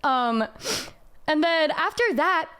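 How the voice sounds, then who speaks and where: Young female streamer, high bright voice, animated storytelling with heavy swearing. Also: takes it slowly. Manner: animated, heavy swearing, quotes people in raised voice.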